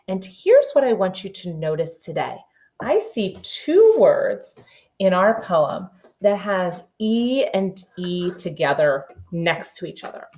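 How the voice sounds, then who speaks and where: Slow, patient woman teaching kindergarten. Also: on the low side, darkish tone. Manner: slow, clearly sounding out letters for children. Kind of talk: early reading lesson for young children.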